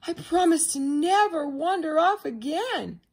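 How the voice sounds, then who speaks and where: A woman's voice: expressive, unhurried, darkish tone, exaggerated voice. A woman voicing a small lost female duckling who pleads for her mother. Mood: pleading. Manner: high squeaky pleading.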